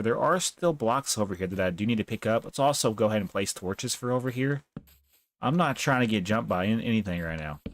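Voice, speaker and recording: A man's voice: medium pitch, slight background noise. A young man live-streaming a game, chatting casually, laughing often and talking to the characters on screen.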